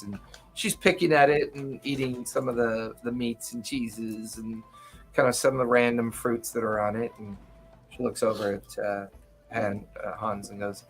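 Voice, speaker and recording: A man narrating a tabletop game, loose and full of fillers. His pitch is middling. Faint music plays behind him. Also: steady tone, normal speed. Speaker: game master.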